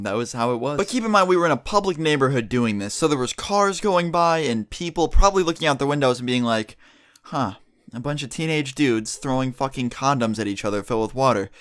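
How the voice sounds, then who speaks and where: A man's voice: medium pitch, lively intonation, brisk. A young man telling a storytime vlog, casual and rambling, swearing often and packing his talk with fillers. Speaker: vlogger.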